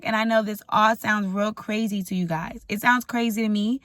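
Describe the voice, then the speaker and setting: A woman's voice: mid-range voice, steady tone, brisk, few pauses, a bit bright, no echo, studio quality. A young woman telling a storytime vlog, blunt and profane, venting frankly. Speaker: vlogger. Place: indoors at home, ring light.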